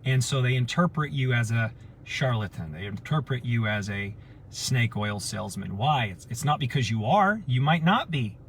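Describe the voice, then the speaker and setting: A man's voice: medium pitch, moderate pace, slight background noise. A man talking casually to his community group, telling stories and acting out the voices of people he quotes. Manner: animated storyteller, acts out quoted voices. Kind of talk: casual storytelling talk.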